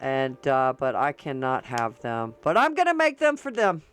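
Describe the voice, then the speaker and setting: A woman's voice: rumbling low, wildly swooping pitch, moderate pace, soft background music. A woman vlogger chatting casually to her viewers about politics and holidays, rambling and using slang.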